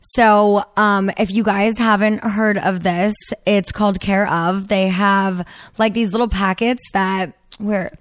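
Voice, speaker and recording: A woman in her thirties hosts a casual podcast, telling stories animatedly with plenty of fillers. Her voice sits at a middle pitch. The sound is dry, with no room around it. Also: takes it slowly, smooth, dry recording. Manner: animated storytelling, lots of fillers. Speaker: podcast host. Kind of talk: casual chat with ad read.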